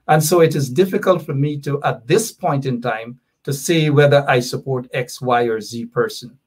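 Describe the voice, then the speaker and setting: A man appearing as an activist guest on a talk show, explaining his position in a measured, deliberate way and repeating points for emphasis. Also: mid-range voice.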